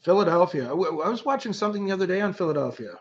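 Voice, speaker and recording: This livestream host from Canada speaks in a high voice with lively intonation and a racing pace. He chats with viewers, reads their comments, and rambles through stories with many restarts, over dull lo-fi audio.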